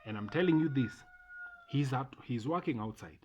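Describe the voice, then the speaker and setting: A man's voice: mid-range voice, animated, moderate pace, a little mellow, dull audio, a little hiss or hum. A middle-aged man with a Kenyan accent, delivering an emphatic, repetitive opinion monologue to camera as a vlogger. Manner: ranting, emphatic, repeats phrases.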